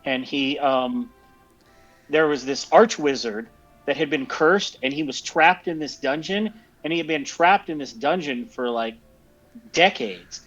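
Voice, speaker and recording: A man's voice: fairly high pitch, unhurried, a bit bright. Rambling man in his fifties, lo-fi audio. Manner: rambling storyteller, many fillers and restarts. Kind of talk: casual chat. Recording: dull lo-fi audio with faint music.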